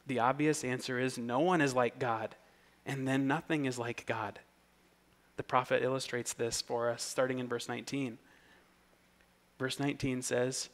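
A man preaching an expository sermon, earnest and emphatic, whose voice rises in pitch and volume when he reads scripture aloud. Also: steady tone, moderate pace. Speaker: pastor.

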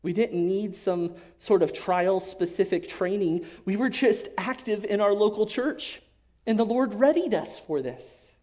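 A man giving an emotional personal testimony to his church, earnest and halting, often dropping to a hush. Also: high-pitched. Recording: dull lo-fi recording.

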